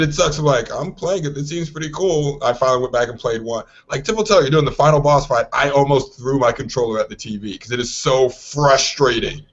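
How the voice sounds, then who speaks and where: A man co-hosting a casual podcast, telling stories with lively acted-out quotes. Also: medium pitch. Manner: animated storyteller who acts out quoted voices. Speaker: podcast co-host. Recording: lo-fi online call audio.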